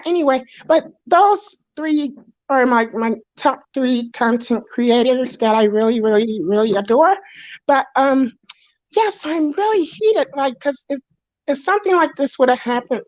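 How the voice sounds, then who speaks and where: A woman's voice: high voice, darkish tone, no room sound, lo-fi sound. A young woman on a live stream, rambling in a giggly, worked-up rant. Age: young adult. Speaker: stream guest.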